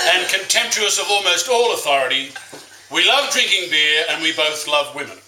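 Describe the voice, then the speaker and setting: A man's voice: fairly high pitch, very animated, a little slow, heavy background noise. A man giving a best man's speech, telling fond stories with wry jokes. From Australia. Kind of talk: wedding speech. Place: wedding reception room. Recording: echoey reception room.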